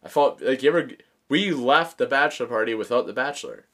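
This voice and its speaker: A man with a bright, forceful voice hosting a casual podcast chat. He tells his story in an animated way, swearing freely and laughing through it. He keeps a loose, conversational delivery. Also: mid-range voice, brisk. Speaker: podcast host.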